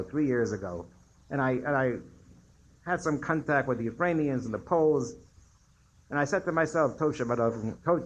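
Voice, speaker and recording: An older man, a rabbi, lectures students and fields their questions in a medium-pitched voice on a low-quality recording. He digresses into stories between points and his voice rises sharply to emphasize key ideas.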